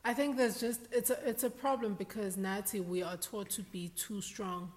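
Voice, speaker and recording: A blunt, joking woman co-hosting a casual podcast, with a voice of middling pitch. She drops Zulu words into her talk. A long reverb trails behind her. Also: fairly even intonation, moderate pace, a little mellow. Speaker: podcast co-host. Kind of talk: casual chat.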